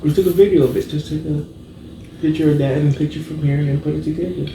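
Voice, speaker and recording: Young man, joking co-host, mellow dark voice, distant in an echoey room. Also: a little high, fairly even intonation, quick pace, slight background noise. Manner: joking, teasing. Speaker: co-host brother. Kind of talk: casual chat. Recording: roomy sound, off-mic.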